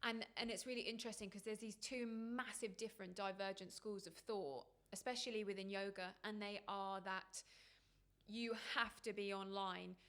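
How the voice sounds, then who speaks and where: A woman's voice: mid-range voice, steady tone, moderate pace, fairly bright tone. A woman, a yoga teacher co-hosting a podcast, talking thoughtfully and reflectively with many agreeing interjections. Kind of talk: conversational podcast chat.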